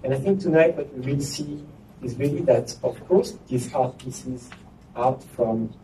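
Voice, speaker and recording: A man, an ambassador, gives a formal speech in a measured way with hesitant fillers. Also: mid-range voice, warm tone. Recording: distant mic with faint noise.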